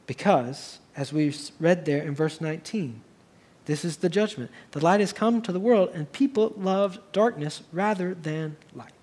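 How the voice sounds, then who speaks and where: A man's voice: a little high, moderate pace, hardly any pauses, a little mellow. A man preaching a sermon as pastor, earnest, building to raised emphatic passages.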